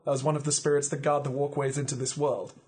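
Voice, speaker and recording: A man voicing a brisk, matter-of-fact female spirit detective with a scolding edge. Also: mid-range voice, flat delivery, darkish tone, close to an everyday voice.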